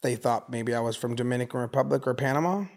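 A man's voice: mid-range voice, quick pace. A man in his forties, from the United States, telling stories as an interview guest and slipping into voices from his neighborhood. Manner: animated storyteller who acts out neighborhood voices. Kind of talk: casual interview.

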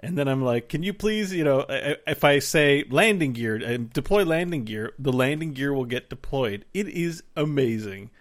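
A man's voice: mid-range voice, lively intonation, normal speed, few pauses. Male podcast co-host, casual gamer chat, rambling, swears freely.

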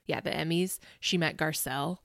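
A woman co-hosting a podcast, chatting quickly and gossiping with questions for her co-host. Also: low voice, steady tone, vocal fry, dry recording, clean studio sound. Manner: quick gossipy chat, asks follow-up questions. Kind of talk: casual chat.

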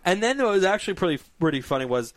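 A man co-hosting a podcast, talking in an animated, profane way and steering the conversation. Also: high-pitched, rapid-fire, no room sound. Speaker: podcast co-host. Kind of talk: casual chat.

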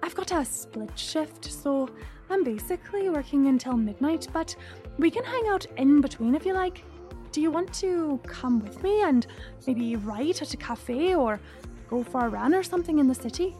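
A woman voicing an easygoing young female friend who talks in a friendly, relaxed way. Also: high voice, normal speed, faint music behind, voice pushed up.

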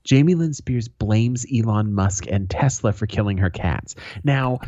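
A man co-hosting a podcast in casual banter, profane and animated, telling stories with laughs. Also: fairly low pitch, a little slow, no room sound, dull audio. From Boston area. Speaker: podcast co-host.

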